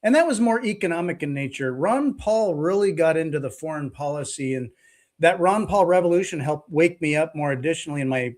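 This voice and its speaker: A man's voice: on the high side, lively intonation, fairly quick, a little mellow. A middle-aged man hosting a podcast, talking in an earnest, reflective way. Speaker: podcast host. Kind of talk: casual conversation.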